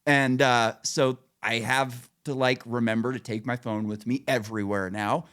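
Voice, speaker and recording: A man spinning a story on a podcast, swearing freely and jumping his voice up to play the people he quotes. His own voice sits at an ordinary middle pitch for a man. He talks in a loose, casual way. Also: normal speed, clean tone. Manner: profane, animated storytelling. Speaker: podcast co-host.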